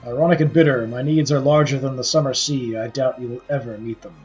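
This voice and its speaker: A man reading out a proud, defiant pirate lord in a video game, in a loud and boastful way. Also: medium pitch, steady tone, fast talker, lo-fi sound, faint music behind, natural voice.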